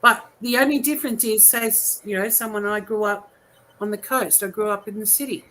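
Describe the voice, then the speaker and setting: A woman's voice: medium pitch, fairly quick, pushed and bright, slight background noise, poor audio. An Australian woman chatting casually on a podcast, searching for words and amused by the topic. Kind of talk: casual chat.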